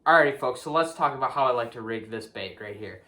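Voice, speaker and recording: A man's voice: medium pitch, lively intonation, quick pace, sharp tone, slight background noise. A young man with a Wisconsin accent, talking casually through his gear in a vlog, filling gaps with lots of ums and okays. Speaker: fishing vlogger. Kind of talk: casual show-and-tell vlog.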